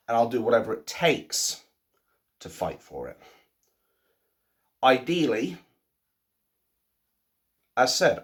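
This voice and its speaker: Guy in his 30s ranting to camera at home, pitch all over the place, goes quiet then loud. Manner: swings between low muttering and loud outbursts. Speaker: vlogger. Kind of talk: casual ranting monologue. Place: at home, by the sink.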